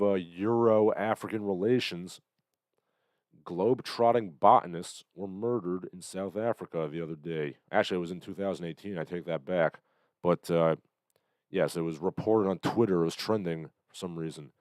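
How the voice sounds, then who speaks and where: A man hosting a livestream, commenting on the news in a sardonic, halting way with lots of fillers, still getting over an illness. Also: low-pitched, darkish tone, no room sound. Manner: sardonic, hesitant with many fillers. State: recovering from illness, coughing. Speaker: livestream host.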